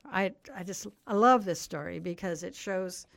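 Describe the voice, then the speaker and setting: A woman's voice: lowish voice, moderate pace, vocal fry, a bit bright, dry recording. Older woman retelling a Bible story. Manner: earnest, explanatory retelling. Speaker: Bible teacher, guest. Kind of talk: radio interview, storytelling.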